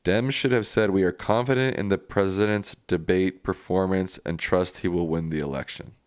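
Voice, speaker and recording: Low-voiced man hosting a live stream. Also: steady tone, moderate pace, clean tone, no echo, studio quality. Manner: casual, plainspoken replies to viewer comments. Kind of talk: live stream reading viewer chat.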